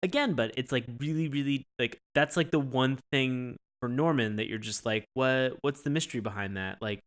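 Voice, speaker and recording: A man's voice: mid-range voice, moderate pace. A man co-hosting a podcast, describing a show in a rambling way and acting out characters' lines. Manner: rambling, many fillers and restarts, acts out lines. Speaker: podcast co-host. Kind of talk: casual chat about a cartoon.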